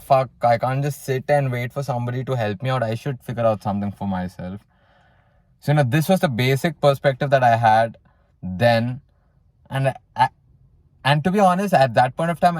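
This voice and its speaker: A man's voice: mid-range voice, dry recording. A young man from South India casually telling a personal story in a blunt way, full of swearing and "you know". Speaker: vlogger telling his story.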